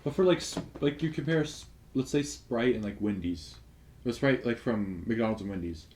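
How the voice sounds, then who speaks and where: A man's voice: mid-range voice, moderate pace, a little mellow, a little hiss or hum. A young man co-hosting a casual podcast, rambling with lots of fillers. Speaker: podcast co-host. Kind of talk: casual chat.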